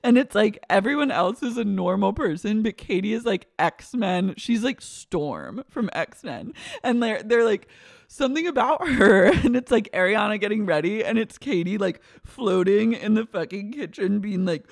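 A woman's voice: mid-range voice, lively intonation, normal speed, gravelly, no room sound. Playful woman podcast co-host, dry sound. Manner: playful, acts out dramatic voices, many "like"s. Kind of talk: casual pop-culture recap chat.

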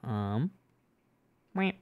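A woman's voice: extremely low pitch, sing-song, very slow, phone-quality sound. A woman hosting a game stream, chatting casually in a playful, giggly way. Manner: playful, giggly, talks in bursts. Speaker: streamer host.

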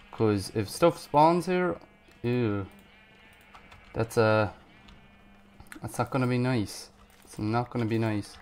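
A man giving casual gameplay commentary, panicking, swearing and yelling at enemies. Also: mid-range voice, a little hiss or hum. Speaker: gaming YouTuber.

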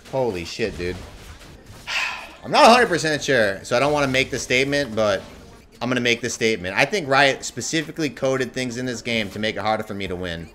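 A man streaming a game, ranting and swearing at other players, swinging from low mutters to shouted outbursts. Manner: tilted, swearing, ranting at teammates and enemies. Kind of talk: live gameplay commentary.

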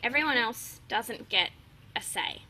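Chatty woman with a bright voice. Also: a little high, expressive, measured pace, slight background noise, poor audio. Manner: open, chatty, laughs often, many fillers. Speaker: guest. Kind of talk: casual interview chat.

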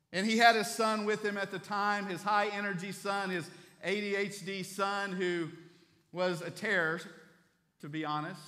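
Bright-voiced pastor preaching in a reverberant hall. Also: male voice, sits high. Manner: animated storytelling preacher, repeats words as he restarts. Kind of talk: sermon. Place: church sanctuary.

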